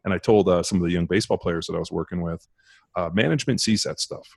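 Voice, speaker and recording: A man's voice: low voice, creaky, husky, no echo, studio quality. A man, a former pro football player, telling profane stories in casual podcast talk. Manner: profane, rapid storytelling.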